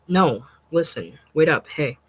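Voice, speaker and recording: Reader doing a nosy pushy schoolboy, keeps nagging, loud and wheedling. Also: medium pitch, moderate pace, breathy edge, natural voice. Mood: pestering. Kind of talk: storybook reading.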